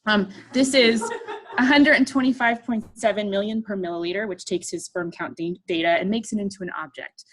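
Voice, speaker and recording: A middle-aged woman artist speaks to a live audience. She tells a personal story with humor and self-deprecation. She keeps it lively, slipping into the voices of the people in it, with a voice in the middle of the usual range. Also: mid-range voice, fairly quick, noisy background. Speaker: artist giving a talk.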